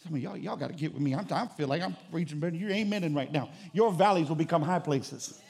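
A male pastor preaching with a high voice and an emphatic, driving delivery. He fires rhetorical questions at the congregation and at times rises to shouted declarations. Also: quick pace, gravelly, husky. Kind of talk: sermon.

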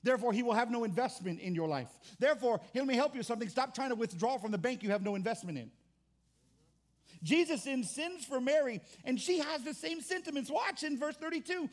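A man's voice: very high voice, animated, brisk. A pastor preaching a sermon in an impassioned, conversational way, often restarting his words.

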